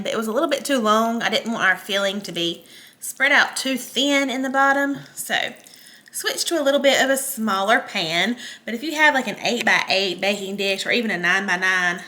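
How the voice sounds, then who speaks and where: Southern woman, home-cooking host, chatty and folksy, mid-pitched, casual kitchen tutorial. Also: normal speed, pushed and bright. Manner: chatty, folksy, addresses viewers as y'all.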